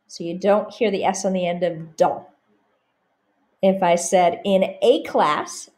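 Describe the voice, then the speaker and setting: A woman talks through a pronunciation lesson at an unhurried pace, her voice mellow and soft-edged. She says each practice phrase carefully and distinctly, then drops to a quieter tone to explain it. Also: lowish voice. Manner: models French phrases slowly and clearly, then explains in a quieter voice. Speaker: French teacher. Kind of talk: slow explanatory lesson over slides.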